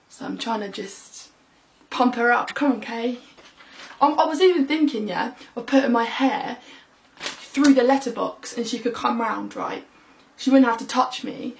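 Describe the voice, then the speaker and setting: A young woman talks straight into her camera in a loose, rambling vlog, padding her thoughts with fillers. Her voice sits a little high and carries a gravelly fry. It has the easy, unscripted sound of someone chatting alone at home. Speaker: vlogger. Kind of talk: casual talk to camera. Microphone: camera mic.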